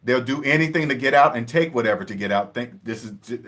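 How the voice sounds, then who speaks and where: A man's voice: mid-range voice, fast talker, fairly bright tone. A man from the Seattle area giving an emphatic, repetitive money lecture in a casual vlog monologue. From Seattle area, USA. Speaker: personal finance vlogger.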